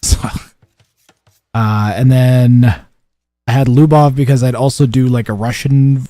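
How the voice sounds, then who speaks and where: Brief: young male streamer, mellow and dark tone, dry close sound, casual rambling chat and game commentary. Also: medium pitch, steady tone, unhurried, no echo. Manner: rambling, chatty, many fillers and restarts.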